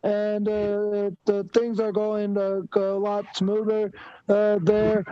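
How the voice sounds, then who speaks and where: A man guesting on a casual livestream, talking haltingly with lots of filler sounds. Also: high voice, monotone, smooth, no echo, highs cut off. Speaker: fellow streamer guest.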